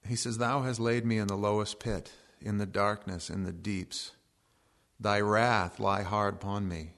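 A man preaching a relaxed sermon as pastor, cracking jokes between slow readings of scripture. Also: fairly low pitch. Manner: conversational and joking, reading scripture slowly.

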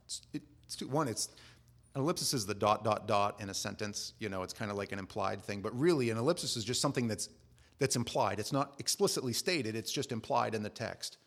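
Gravelly-voiced man preaching earnestly. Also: lowish voice, brisk, a bit bright. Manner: earnest, emphatic, asks the listeners questions; explains scripture with restarts and asides. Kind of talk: sermon.

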